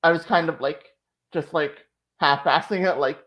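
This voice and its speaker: A woman's voice: low voice, moderate pace, a bit bright. A woman hosting a channel, chatting casually and emotionally, full of "like" fillers. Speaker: channel host. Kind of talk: casual chat recap.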